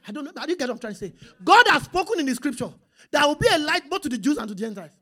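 A woman preaching an animated sermon, reading scripture aloud and calling out to the congregation. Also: sits high, very fast.

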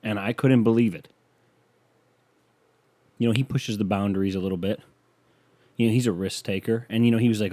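A young man hosts a comedy podcast alone, rambling through self-mocking stories into a studio microphone. His voice is on the low side and dark in tone, and he talks briskly but leaves long pauses.

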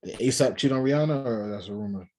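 Laid-back husky man, joking banter. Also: medium pitch, fast talker, darkish tone. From West Indian family. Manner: joking, laughs often, loose slangy banter. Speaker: podcast co-host. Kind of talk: casual chat.

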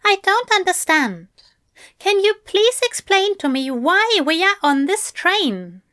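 Lady doing a fussy high-strung angel guy, pitched way up, sharp exasperated questions. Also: big pitch swings, takes it slowly, heavily acted. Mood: alarmed. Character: fussy, indignant male angel, prim and easily alarmed.

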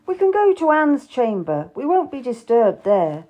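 A woman's voice: fairly high pitch, big pitch swings, measured pace, dark tone. A woman voicing an arrogant, charming young male nobleman who coaxes and gives orders. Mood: coaxing. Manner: coaxing, commanding.

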